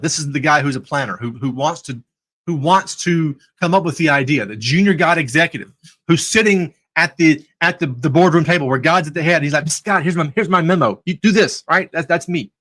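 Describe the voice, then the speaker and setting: American man, host, sarcastic storyteller, conversational, fairly high bright voice. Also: poor audio. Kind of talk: live talk on faith and trading.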